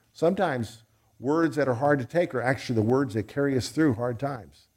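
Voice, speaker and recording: A man's voice: mid-range voice, normal speed, darkish tone. A man preaching a sermon in a conversational way, acting out quoted voices as he goes.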